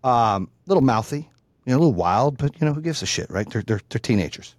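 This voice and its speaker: A middle-aged man telling a long story in a casual, animated, profane way. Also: medium pitch, quick pace, no room sound. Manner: profane, animated, acts out the people in his story.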